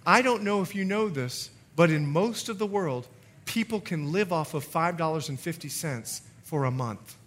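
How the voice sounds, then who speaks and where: Animated preaching pastor with a bright voice. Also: male voice, fairly high pitch, moderate pace. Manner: animated, rising to loud emphatic passages. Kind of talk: sermon. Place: church sanctuary.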